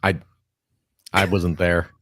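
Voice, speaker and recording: A man's voice: sits low, little pitch movement, takes it slowly, a bit bright, no room sound, studio quality. A man co-hosting a podcast in casual chat, playful and teasing. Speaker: podcast co-host.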